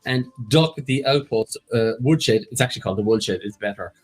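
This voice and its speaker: A man hosting a quiz on a casual live stream, briskly reading out standings and joking with his co-host. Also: medium pitch, faint music behind.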